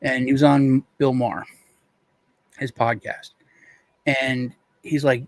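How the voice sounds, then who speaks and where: A man's voice: mid-range voice, fairly even intonation, measured pace, long pauses. A male co-host rambling through a casual chat, retelling stories with restarts and quoted voices.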